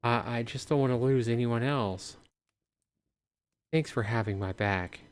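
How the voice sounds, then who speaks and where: A man voicing a trusting, soft-hearted young woman survivor, reading her lines in an earnest, pleading way. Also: medium pitch, a little slow, clean tone, close to an everyday voice.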